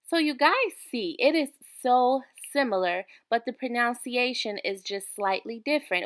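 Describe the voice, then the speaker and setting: A woman teaching an online beginner language lesson, patiently repeating each word slowly for the learners. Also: on the high side, a bit bright. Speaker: language tutor.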